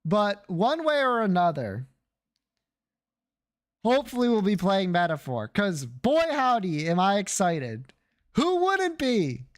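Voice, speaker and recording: A game streamer in casual chat with viewers, joking and swearing freely. The speech is slow and drawn out. The pitch swings in a lively, animated way.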